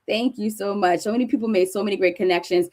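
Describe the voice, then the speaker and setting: A middle-aged woman from New Jersey giving a conference talk, high-energy and animated as she tells stories to the audience. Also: quick pace. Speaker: speaker presenting to an audience. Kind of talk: conference presentation.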